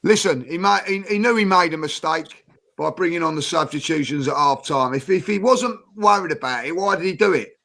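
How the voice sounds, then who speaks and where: A man's voice: a little high, fairly quick, creaky, fairly bright tone. A man ranting indignantly on a football fan panel, firing off rhetorical questions. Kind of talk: heated panel talk.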